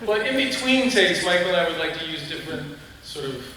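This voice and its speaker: A man's voice: fairly high pitch, lively intonation, brisk, bright, forceful tone, a little hiss or hum. A man on a convention panel, telling easygoing anecdotes. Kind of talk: panel storytelling. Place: large convention hall. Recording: echoey hall, distant mic, crowd.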